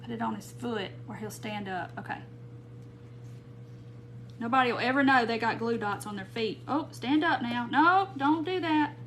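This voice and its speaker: A woman's voice: a little high, normal speed, a bit bright, a little hiss or hum. A woman hosting a casual live-stream craft demo, chatty and gushing as she reads viewer comments aloud. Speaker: craft tutorial host.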